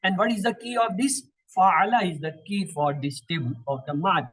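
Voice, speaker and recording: A man teaching Quranic Arabic in a classroom lesson, slowly drilling word patterns and asking questions that he answers himself. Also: high-pitched, fairly bright tone, husky, low-quality recording. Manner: slow, repetitive recitation of word patterns.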